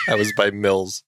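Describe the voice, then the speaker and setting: A man's voice: lowish voice, heavy background noise. A man co-hosting a film review podcast, slap-happy and laughing a lot. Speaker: podcast co-host. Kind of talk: casual film review chat.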